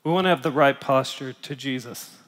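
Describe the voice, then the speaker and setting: A middle-aged male pastor preaching a sermon while in pain, speaking emphatically and pausing to cough and clear his throat. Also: mid-range voice. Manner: emphatic, rising to loud bursts, coughing and clearing throat between phrases. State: in pain, voice strained. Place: large church auditorium. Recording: large hall reverb.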